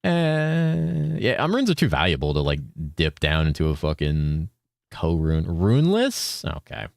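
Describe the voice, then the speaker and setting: Rumbling low and wildly swooping in pitch, a man from California speaks at a moderate pace as he streams a game. Laid-back, he reads chat aloud, swears often and says "dude" constantly, captured in clean studio sound with no room sound.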